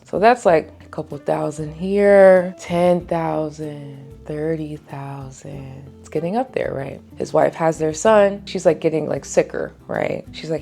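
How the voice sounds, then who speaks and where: A woman's voice: fairly low pitch, a little slow, gravelly, hardly any pauses, darkish tone, faint music behind. A woman book vlogger in a casual reading wrap-up, telling stories in a chatty way with lots of filler words. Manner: chatty storytelling, frequent "like" fillers.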